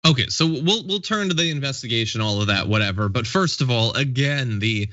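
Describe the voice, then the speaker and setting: Lively, bright-voiced male talk show host. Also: mid-range voice, fast talker, hardly any pauses, dry recording, lo-fi sound. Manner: thoughtful, wry, questioning. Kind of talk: political talk show hosting.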